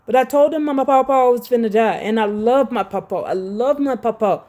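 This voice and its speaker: Speaking straight to the camera, a woman with a slightly high, dark-toned voice delivers a loose, rambling religious monologue at a moderate pace. She keeps returning to her own words, grows pointed and confrontational, and stays emphatic throughout.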